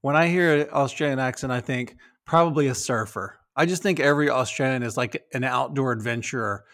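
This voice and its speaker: A man who teaches a discipleship class, co-hosting a podcast with earnest, halting talk and playful teasing. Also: medium pitch, a bit bright. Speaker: pastor and podcast co-host. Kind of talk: casual chat.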